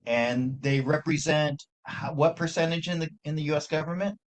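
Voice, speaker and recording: A man with a somewhat higher voice asks questions in a casual conversation. He speaks in a hesitant, halting way. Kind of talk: casual chat.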